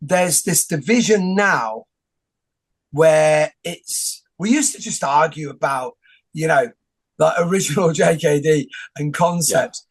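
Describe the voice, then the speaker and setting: Male host, gravelly, chatty and rambling, lots of false starts. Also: fairly high pitch, takes it slowly. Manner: rambling, joking, many restarts. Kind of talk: casual conversation.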